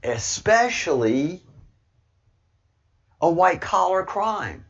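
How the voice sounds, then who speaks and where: A man's voice: high voice, sing-song, takes it slowly, fairly bright tone, lo-fi sound. A man hosting an online video show, giving heated political commentary and repeating words as he pushes his point. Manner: emphatic, repeats words while pushing a point.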